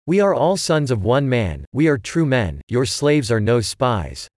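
A man's voice: mid-range voice, very animated, a little slow, a little mellow, no room sound, clean studio sound. A man reading the words of worried ancient brothers who insist they are innocent, in a scripture reading. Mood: pleading.

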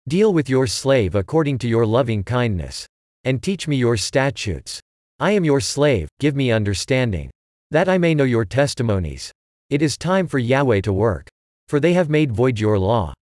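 A man giving a measured, steady reading of scripture aloud. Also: medium pitch, no room sound, studio quality. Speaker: scripture reader.

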